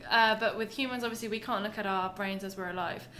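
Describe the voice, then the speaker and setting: A woman's voice: medium pitch, fairly even intonation, sharp tone, a little hiss or hum. A woman co-hosting a casual science podcast, explaining a research paper and laughing often. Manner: explanatory, giggly, quick to laugh.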